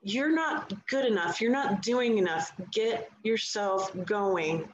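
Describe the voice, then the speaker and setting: A woman voicing a harsh, controlling inner critic, scolding slowly. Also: mid-range voice, dull audio, close to an everyday voice. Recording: echoey room, faint background noise.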